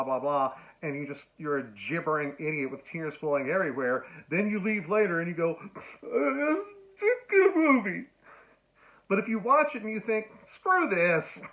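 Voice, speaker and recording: Animated man lecturing, tinny sound. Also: mid-range voice. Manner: animated storyteller, acts out quotes with sudden loud squeals. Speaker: film lecturer. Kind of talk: casual lecture with anecdotes.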